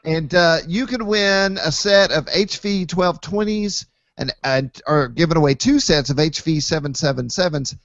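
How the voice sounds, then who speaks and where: A man's voice: on the high side, normal speed, a bit bright, dry recording. A man hosting a casual chat, joking and rambling with lots of fillers. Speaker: podcast host. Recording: dull lo-fi dry recording.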